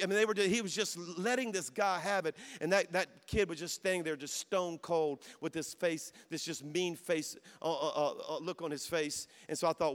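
A man's voice: on the high side, fairly even intonation, moderate pace, few pauses, a bit bright. A middle-aged male pastor preaching a sermon, telling a personal story and building to emphatic exhortation that calls out to the congregation. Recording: long reverb of a large hall.

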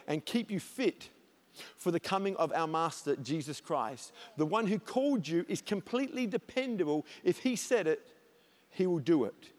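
A middle-aged man preaching from the pulpit, his voice pitched high for a man. He tells stories with animated energy, cracking jokes and hitting his punchlines loudly. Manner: animated storyteller, jokes, loud comic peaks. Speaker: pastor. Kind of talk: sermon.

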